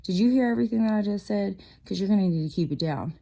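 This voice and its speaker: A woman putting on a firm, businesslike male flight attendant who lays down the rules, his voice dipping a little lower and coming out quick and clipped. He sounds stern and leaves no room for argument. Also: animated, creaky, dark tone.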